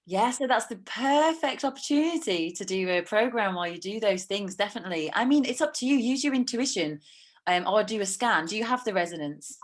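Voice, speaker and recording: A woman in a casual group chat, reflecting on her experience and giving relaxed advice. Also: medium pitch, fairly quick. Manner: reflective, advising with easy laughs.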